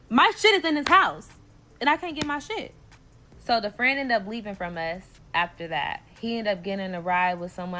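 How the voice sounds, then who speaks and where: A woman's voice: lowish voice, slight background noise. A woman with a Bay Area accent telling a story in a casual vlog, swearing freely and acting out what people said. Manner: animated, swearing, slangy, acts out quotes.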